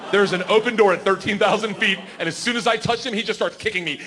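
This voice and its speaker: A man in his forties doing rowdy, profane stand-up, acting out every scene. His voice sits high, and the live club recording is noisy. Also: fast, few pauses. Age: 40s. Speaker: stand-up comedian. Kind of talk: stand-up storytelling. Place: comedy stage before a live crowd.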